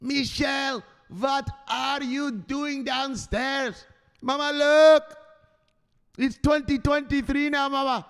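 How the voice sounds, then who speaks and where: A man voicing an excited grown man who yells up at his mama from downstairs, shouting and repeating himself. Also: very high-pitched, slow pace, big-room sound, voice pushed up, full character voice. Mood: frantic bragging.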